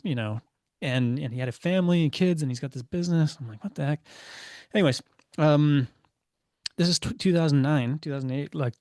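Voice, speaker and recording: A man's voice: mid-range voice, darkish tone, no room sound. Chatty man in his thirties, dry sound. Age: 30s. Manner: chatty, many fillers, acts out quoted dialogue. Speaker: podcast guest, business owner. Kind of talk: casual storytelling interview.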